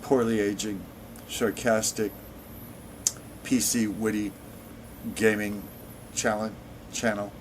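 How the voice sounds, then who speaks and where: A man's voice: fairly low pitch, flat delivery, takes it slowly, pauses often, a little hiss or hum. A man in his sixties reading an in-game book aloud on his gaming channel, dropping in sarcastic asides.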